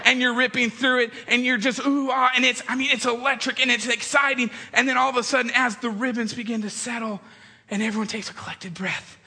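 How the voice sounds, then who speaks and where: A man in his thirties with a high, sharply bright voice and a husky edge tells funny stories to an audience. He is animated and acts out voices. A long hall reverb trails his words. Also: fairly quick. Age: 30s. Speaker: speaker addressing an audience. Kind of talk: humorous storytelling talk.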